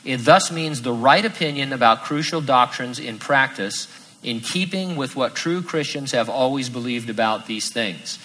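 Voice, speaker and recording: Bright-voiced male preacher. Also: mid-range voice, moderate pace, low-quality recording. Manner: animated, acts out quoted voices. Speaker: pastor. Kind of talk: sermon.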